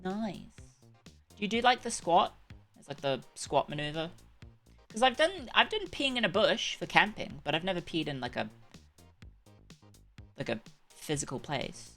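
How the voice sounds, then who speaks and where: A woman's voice: on the low side, big pitch swings, a little slow, long pauses, bright, forceful tone, faint music behind. A young woman chatting casually on a live stream, rambling and correcting herself as she goes.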